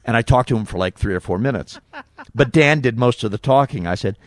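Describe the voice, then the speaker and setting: A man telling a long story on a podcast, animated and acting out the people he quotes. His voice is mid-pitched and recorded dry and close, with no room sound. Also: a little fast, no echo. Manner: animated anecdote teller, acts out quotes. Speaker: radio host and impressionist. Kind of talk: casual storytelling chat.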